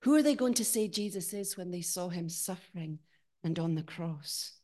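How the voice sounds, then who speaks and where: A woman preaching a sermon in church, rising to emphatic peaks and dropping to quiet, searching questions. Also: on the low side, animated, moderate pace.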